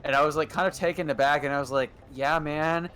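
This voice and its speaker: A man in his twenties chatting casually on a gaming livestream, telling stories in an animated way that acts out loud quotes. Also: a little high, quick pace. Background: faint game music.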